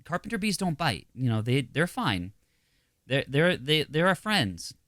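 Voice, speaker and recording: A man's voice: a little high, sing-song, unhurried, a bit bright, dry recording, clean studio sound. A man co-hosting a podcast, telling a rambling comedic story in casual chat, full of fillers and acted-out voices. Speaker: podcast co-host.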